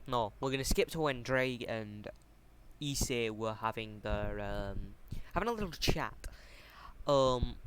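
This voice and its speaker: A young man rambles through a fan fiction plot at a slow pace, stopping often to correct himself. His pitch sits at an ordinary middle level. A room fan hums clearly behind him throughout. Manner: hesitant, full of ums and self-corrections. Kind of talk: casual unscripted plot explanation. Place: warm room at home. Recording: steady fan noise at home.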